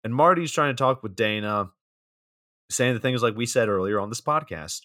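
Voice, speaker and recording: A man's voice: medium pitch, lively intonation, moderate pace, pushed and bright, no echo. A man co-hosting a podcast, casually retelling a horror movie's scenes with dry jokes. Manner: laid-back, dry joking, retelling scenes. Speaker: podcast co-host. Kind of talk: casual movie recap chat.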